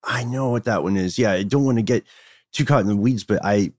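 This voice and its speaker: A man's voice: fairly low pitch, a little fast, darkish tone, no room sound, clean studio sound. A man co-hosting a podcast in a playful, casual way, laughing often. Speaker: podcast co-host. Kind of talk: casual chat.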